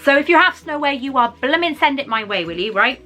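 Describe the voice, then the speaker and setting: A woman's voice: sits high, lively intonation, brisk, bright, forceful tone, soft background music. A woman in her forties chatting through an unboxing at home, emotional and wandering into asides. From Wales. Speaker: vlogger. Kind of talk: casual unboxing chat.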